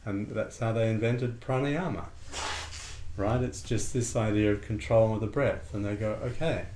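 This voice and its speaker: A man leads a relaxed breathing lesson, calm and conversational. His voice sits low. The room has a noticeable echo and a faint background hum. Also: moderate pace. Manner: calm, conversational, acts out little dialogues. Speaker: breathing and meditation teacher. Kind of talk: relaxed spoken lesson with a student. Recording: echoey room with faint ambient noise.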